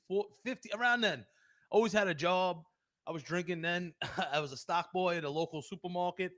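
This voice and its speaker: A man's voice: a little high, pushed and bright. Profane rambling New man. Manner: profane, rambling, laughs often. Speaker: podcast host. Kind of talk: rambling casual storytelling.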